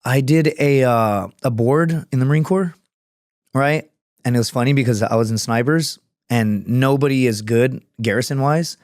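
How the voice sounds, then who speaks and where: A man's voice: mid-range voice, moderate pace, a little mellow, dry recording. Male veteran podcast guest, profane rambling storyteller, dry close studio sound. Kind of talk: casual storytelling chat.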